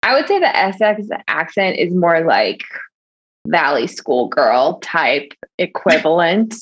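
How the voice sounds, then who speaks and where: A woman's voice: lowish voice, very animated, takes it slowly, slightly rough. A woman co-hosting a podcast, chatting casually, rambling with lots of "like" and laughing often. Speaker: podcast co-host.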